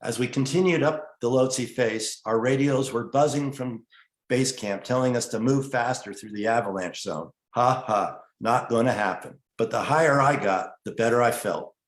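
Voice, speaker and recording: Man, middle voice, earnest personal storyteller, recorded in an echoey room. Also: mid-range voice. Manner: earnest, measured, gets emotional at times. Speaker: guest telling his story. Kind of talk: personal storytelling, partly read narration.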